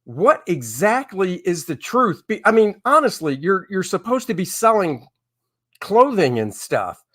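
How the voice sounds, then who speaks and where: A man's voice: high-pitched, sing-song, a little slow, a bit bright. A middle-aged man hosting a casual live stream as a comic artist, talking in a candid, opinionated and rambling way.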